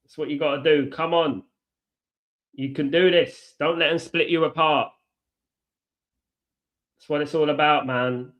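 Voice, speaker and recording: A man hosting a live football watchalong, chatty, reacting to play and giving shout-outs to viewers. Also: fairly high pitch, fairly even intonation, unhurried, long pauses, lo-fi sound. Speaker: watchalong host.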